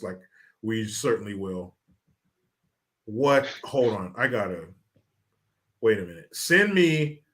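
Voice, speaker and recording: A man's voice: mid-range voice, fairly bright tone. A man hosting a casual political talk show, exasperated and mocking, swearing freely as he reacts. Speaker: show host. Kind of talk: profane casual political commentary.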